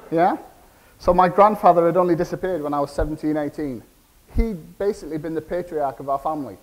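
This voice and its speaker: Cumbrian man giving a lively keynote. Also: fairly high pitch, low-quality recording. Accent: English, Cumbrian. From England. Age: 40s. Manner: conversational, asks the audience questions. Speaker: keynote speaker. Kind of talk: conference keynote speech. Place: conference hall.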